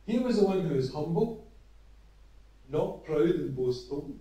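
A man preaching an evangelistic sermon, retelling a parable earnestly with halting restarts. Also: fairly high pitch, animated, warm tone. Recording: echoey, from far off.

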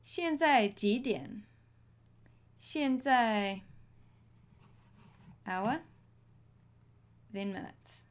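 Woman teacher going real slow, clear and patient, saying each phrase so you can repeat it. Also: fairly high pitch, lively intonation. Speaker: language teacher. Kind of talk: slow, deliberate language lesson.

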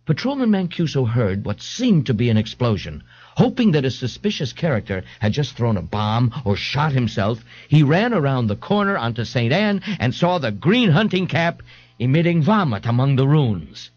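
A man's voice: medium pitch, big pitch swings, normal speed, a little mellow. Man reading an audiobook, theatrical. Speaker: audiobook narrator. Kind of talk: scripted audiobook narration. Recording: dull lo-fi dry studio tape.

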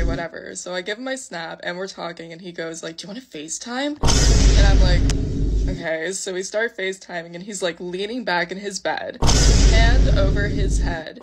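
Chatty young woman telling a dating story. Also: fairly low pitch. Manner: chatty, full of "like" and acted quotes. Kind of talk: casual storytelling. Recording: loud music behind voice.

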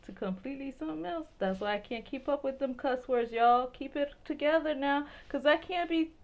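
A woman from Brooklyn, telling a story to her viewers in a casual, animated way, laughing often and acting out voices. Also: high-pitched, a little fast. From Brooklyn, New York. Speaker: vlogger.

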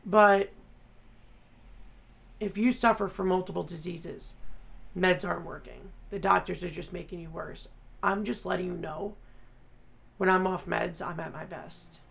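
A woman's voice: on the low side, fairly even intonation, measured pace, gravelly, long pauses, low-quality recording. A woman vlogger talking candidly, blunt and profane, venting her frustration. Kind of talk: candid personal vlog.

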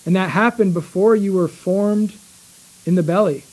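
A man with a high, light voice delivers a sermon in a small church. He speaks earnestly, dropping into slow, deliberate phrasing with pauses to drive each point home. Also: darkish tone, poor audio. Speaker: preacher.

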